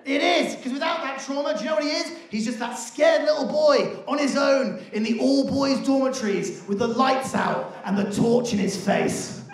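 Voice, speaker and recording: An English man performing stand-up comedy on a theatre stage, telling an animated story and shouting out the punchlines. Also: very high-pitched, moderate pace, few pauses. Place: theatre stage before a laughing audience. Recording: roomy theatre with crowd laughter.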